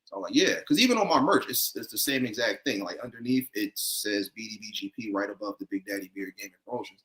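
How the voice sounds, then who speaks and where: Man, bright voice, easygoing storyteller, casual guest chat over a video call. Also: fairly low pitch, expressive, fast. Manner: laid-back, chuckling, storytelling. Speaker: guest content creator.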